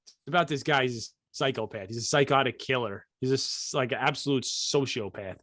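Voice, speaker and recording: A man co-hosting a podcast, telling stories in a casual, profane, animated way. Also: medium pitch, brisk, no echo, clean studio sound. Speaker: podcast co-host. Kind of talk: casual chat.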